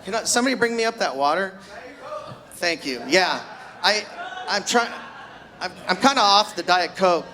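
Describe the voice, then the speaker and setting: A man's voice: sits high, lively intonation, normal speed, long pauses, a crowd in the background. A man in his sixties doing a self-deprecating stand-up set at his own birthday party, teasing friends in the audience. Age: 60s. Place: party venue with a live audience.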